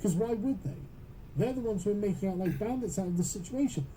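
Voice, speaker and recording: A man's voice: high voice, expressive, quick pace, warm tone, slight background noise, low-quality recording. A British man giving podcast commentary in emphatic, profane, long run-on sentences. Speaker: political commentator.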